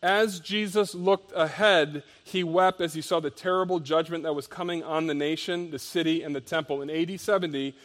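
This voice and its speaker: A man's voice: a little high, fairly even intonation, moderate pace, hardly any pauses. Emphatic male pastor preaching a sermon. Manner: reads scripture aloud, then explains with emphatic rises and soft drops.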